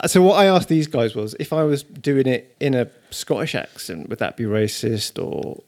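A man chatting on a podcast as a guest comedian. He tells jokey, self-mocking stories at an even, ordinary pitch. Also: moderate pace, few pauses. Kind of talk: casual podcast chat.

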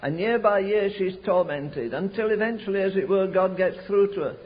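Older preacher, high voice, muffled recording. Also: male voice. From England. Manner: storytelling with slow emphatic stretches, rising to fervent pleas. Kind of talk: sermon.

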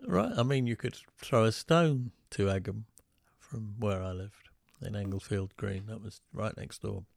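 A man's voice: on the low side, unhurried, creaky, no room sound, clean studio sound. A man co-hosting a podcast in casual chat, rambling through asides and chuckling often. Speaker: podcast co-host, musician.

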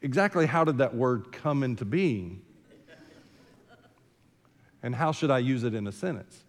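A man's voice: medium pitch, lively intonation, measured pace, in a large hall. An older man preaching a sermon as senior pastor, talking in a conversational way with joking asides and repeating words as he starts a thought. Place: church sanctuary.

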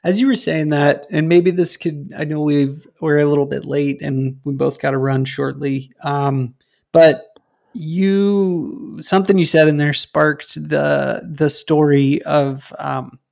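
A man's voice: a little high, steady tone, slow pace, vocal fry, a little mellow. A man co-hosting a casual faith discussion, retelling a Bible story in a loose, conversational way with many fillers.

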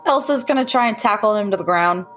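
A woman taking part as a player in a tabletop game, talking in a slow, easygoing way. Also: medium pitch, animated, fairly bright tone, soft background music, poor audio. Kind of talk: casual tabletop play.

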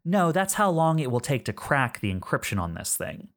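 A smug masked woman intelligence officer, played by a man, drawls her news with teasing pauses and stretches out the suspense. Her voice sits at an ordinary middle pitch. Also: very animated, a bit bright. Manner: teasing, drags out suspense, hesitant fillers.

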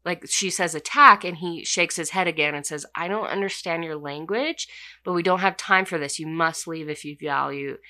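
A woman's voice: low voice, moderate pace, pushed and bright. A young woman casually retelling a fantasy novel's plot, chatty and full of fillers. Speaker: book reviewer. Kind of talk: casual book recap.

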